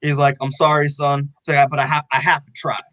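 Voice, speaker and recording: A young man co-hosting a podcast, excitedly recapping a comic in loose casual chat, full of "like" and swearing, acting out the characters' lines. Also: fairly high pitch, brisk, dry recording, rough recording. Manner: excited, loose, heavy on "like" and swearing, acts out quotes. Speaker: podcast co-host.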